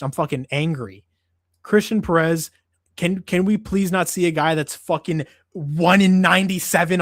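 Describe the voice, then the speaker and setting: Brief: a fed-up male stream host who swears constantly, set a bit high and recorded dry. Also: fairly bright tone, dry recording. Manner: profane, exasperated ranting. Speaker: MMA show host. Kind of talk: casual livestream commentary.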